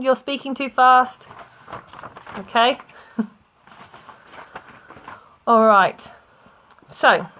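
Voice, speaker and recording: Slow, patient British woman teaching words. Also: mid-range voice, sharp tone. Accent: British English. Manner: slow, explaining with examples and little laughs. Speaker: English teacher. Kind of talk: online vocabulary lesson.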